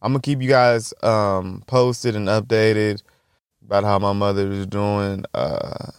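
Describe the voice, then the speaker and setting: A man's voice: fairly low pitch, little pitch movement, a little slow, smooth, no echo, studio quality. A young man hosting a solo podcast, telling stories in a loose, profane, rambling way and laughing often. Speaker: podcast host. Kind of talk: casual solo podcast storytelling.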